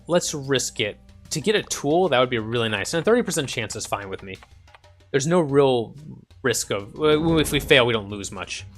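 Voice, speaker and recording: A man's voice: medium pitch, a bit bright. A man hosting a casual let's-play, chatting and reading game text aloud. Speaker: gaming channel host. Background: faint game music.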